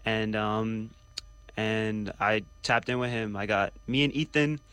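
A man's voice: on the low side, fairly even intonation, slow pace, fairly bright tone, smooth, no room sound. A man from Washington Heights, New York, talking casually in a rambling way as a co-host. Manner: rambling, full of fillers. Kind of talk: casual podcast chat.

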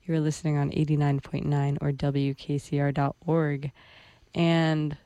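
A woman's voice: sits low, a little slow, clear, resonant tone, no room sound. A young woman hosting a radio show from a studio, chatting casually with her co-hosts between records. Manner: relaxed, chatty, light laughter. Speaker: radio host.

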